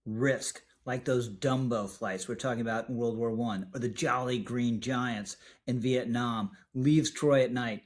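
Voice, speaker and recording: Man, political commentary, emphatic and measured, middle pitch. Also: steady tone. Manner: measured, emphatic delivery, slows for key words. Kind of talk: scripted video commentary.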